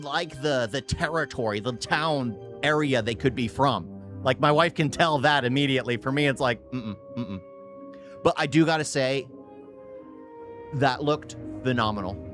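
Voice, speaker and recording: A man giving casual, off-the-cuff reaction commentary, rambling and repeating phrases for emphasis. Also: mid-range voice. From United States. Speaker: reaction video host.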